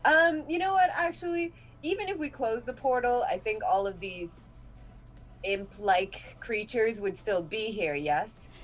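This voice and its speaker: A woman playing a tabletop game, talking casually, often laughing and thinking out loud. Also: a little high, expressive, a little slow. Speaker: player.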